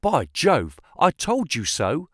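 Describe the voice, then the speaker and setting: Male reader voicing an excitable young clerk, pitched up, eager exclaimer. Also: slow, husky, no echo, studio quality, heavily acted. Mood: excited.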